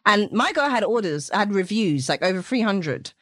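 A young British woman hosting a podcast in casual chat, lively and laughing often, with a casual swear here and there. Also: mid-range voice, moderate pace, no room sound, clean studio sound. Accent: British English. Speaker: podcast host.

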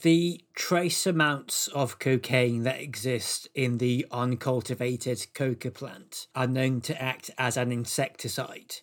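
Deadpan man reciting absurd facts. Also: medium pitch. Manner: deadpan, matter-of-fact delivery of absurd facts. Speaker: podcast presenter. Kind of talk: deadpan comedic narration.

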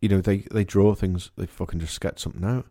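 A man's voice: deep voice, quick pace, no echo, clean studio sound. A man with a Manx accent, co-hosting a casual comedy chat, sweary and laughing as he tells stories. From Isle of Man. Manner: sweary, laughing, animated storytelling. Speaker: podcast co-host.

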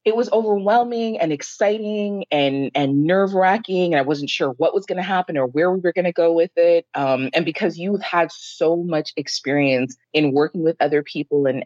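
A woman's voice: deep voice, dry recording, highs cut off. Emotional chatty woman co-host. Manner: emotional, rambling, lively storytelling. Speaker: podcast co-host. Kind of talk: casual podcast chat.

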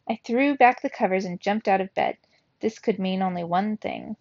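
A woman's voice: mid-range voice, moderate pace, darkish tone, dry recording. A woman reading a children's story aloud with expression for young students. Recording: dull, lo-fi, dry.

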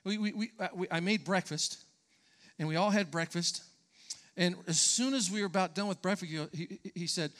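A man's voice: sits high, fairly quick, fairly bright tone. A pastor preaching a sermon to his congregation, emphatic and conversational, often repeating words and asking the listeners questions.

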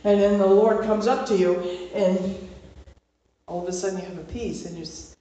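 A woman leads an informal Bible study in a mid-range, dark voice, speaking at normal speed with a steady tone and often checking in with listeners by asking "okay?". The recording is muffled, in a very echoey room with her voice far from the mic.

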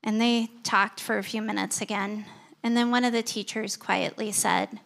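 A woman's voice: medium pitch, fairly even intonation, moderate pace, creaky, a bit bright. A woman pastor preaching a sermon, telling personal stories in an earnest way.

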